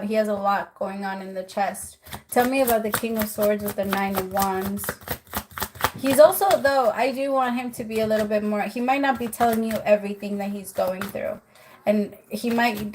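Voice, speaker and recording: A woman's voice: medium pitch, noisy background. A woman giving a live-stream tarot reading, chatty, with many filler words, calling the viewer "my love". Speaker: tarot reader.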